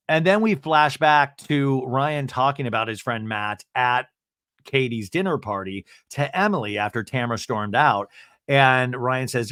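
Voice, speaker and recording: Guy doing a casual recap, wry asides, jumps up high for quotes, dry sound, middle pitch. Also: lively intonation, brisk, a bit bright, dry recording. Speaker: podcast host.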